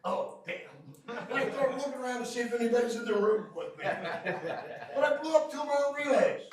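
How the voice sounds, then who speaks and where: Male trainer, very high voice, joking storyteller who quizzes his class; recorded far off in a very echoey room. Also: fairly quick, crowd noise. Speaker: field service trainer. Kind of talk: hands-on technical training class.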